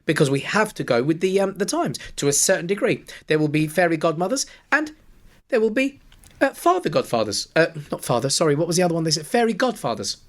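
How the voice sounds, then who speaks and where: Man, pantomime performer, podcast guest, animated anecdotes, acts out dialogue, fairly high voice. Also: fast. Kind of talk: anecdotal storytelling.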